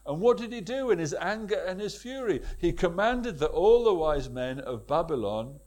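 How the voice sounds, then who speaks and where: Man, preacher, sermon, emphatic, rhetorical questions, slightly high voice. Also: animated, moderate pace, darkish tone.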